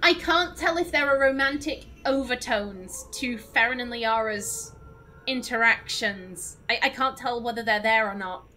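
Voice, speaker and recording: A woman's voice: on the high side, a little slow, sharp tone, slight background noise, poor audio. A woman streamer giving casual let's-play commentary, rambling and emphatic with many restarts. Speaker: gaming streamer.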